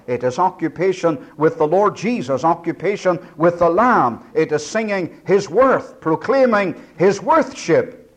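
Man preaching with lively, swooping pitch. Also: measured pace. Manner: dramatic swings between booming and hushed; breaks down words syllable by syllable. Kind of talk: expository sermon.

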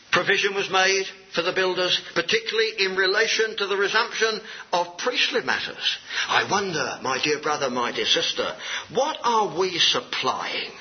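A man preaching a sermon to a congregation, reading verses aloud, lifting his voice on key words and dropping low at the ends of phrases. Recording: dull, lo-fi recording.

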